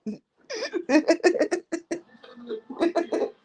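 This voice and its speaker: Very high-pitched and very animated, this man draws out his words in a slightly mellow voice over a low-quality recording. He's a Yorkshire-accented livestream host from Keighley, England, stoned and tipsy, rambling, swearing and laughing as he chats casually with viewers.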